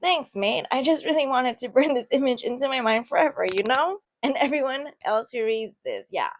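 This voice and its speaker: A woman's voice: high-pitched, animated, normal speed, a little hiss or hum. A woman casually reading online posts aloud and reacting to them with chatty, giggly asides. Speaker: online story reader and commentator.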